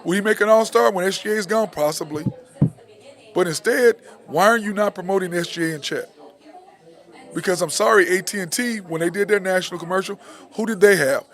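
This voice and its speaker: A man's voice: high-pitched, fairly quick, fairly bright tone. A man hosting a sports talk show, ranting with frustration about a basketball team, repeating his points.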